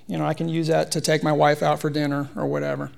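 A man's voice: on the high side, level tone, quick pace, gravelly. A man in his thirties giving a conversational, humorous sermon in a church, telling a personal story. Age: 30s. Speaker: preacher.

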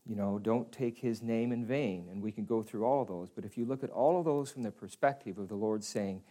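A middle-aged man preaching a sermon in an earnest way, often dropping softer to speak as God. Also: fairly low pitch, brisk, hardly any pauses.

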